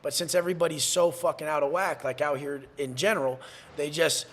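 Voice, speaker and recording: A man's voice: on the high side, steady tone, a little fast. A man from San Diego, a podcast guest, talking bluntly with heavy swearing and acting out the exchanges he quotes. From San Diego, USA. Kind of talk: podcast interview.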